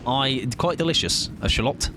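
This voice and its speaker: A man's voice: mid-range voice, normal speed, noisy background. A man chatting casually and joking through a gaming stream, swearing freely and mocking himself.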